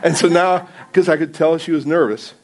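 A man's voice: fairly high pitch, moderate pace, slight background noise. A man speaking as guest preacher in a church, telling loose, self-deprecating stories and laughing often. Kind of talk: casual sermon opening with stories. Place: church sanctuary before a congregation.

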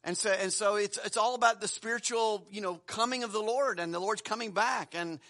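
A male pastor delivering a sermon in a loose, conversational way, pausing on fillers and restarting phrases. His voice sits high for a man and sounds bright and forceful, carrying across the congregation.

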